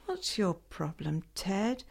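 An actress playing a middle-aged wife, defensive and determined. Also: female voice, medium pitch, sing-song, slow pace, creaky, slightly rough, exaggerated voice.

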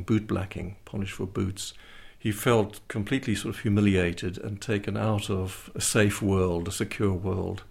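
An older male professor explains thoughtfully, pausing now and then. His low voice is gravelly and husky. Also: darkish tone. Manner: thoughtful, hesitant with fillers. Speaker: retired literature professor. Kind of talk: interview commentary.

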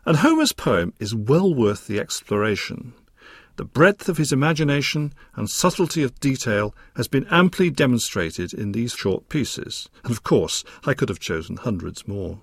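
Lively, scholarly male lecturer. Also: mid-range voice, husky, no echo, studio quality. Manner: measured, precise and scholarly, with a lively rising and falling delivery. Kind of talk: recorded academic lecture.

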